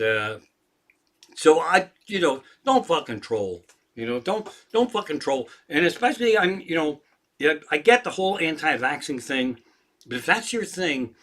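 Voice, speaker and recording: A man in his sixties rants on a livestream with a slightly high voice and a sharp, tense edge. He swears constantly and gets more and more worked up as he talks. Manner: profane, ranting, worked up. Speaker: comedian hosting a livestream. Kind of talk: profane ranting livestream chat.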